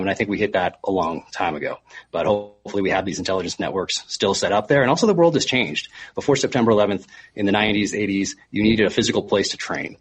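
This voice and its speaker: A man, a former military guest, talking in a casual interview with many pauses and restarts. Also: deep voice, breathy edge. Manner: halting, many ums and restarts. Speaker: guest, former Navy SEAL.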